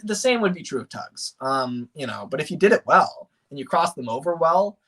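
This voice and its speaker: A man chatting casually on a livestream, rambling and animated, with many fillers and restarts. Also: fairly high pitch, moderate pace. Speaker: streamer.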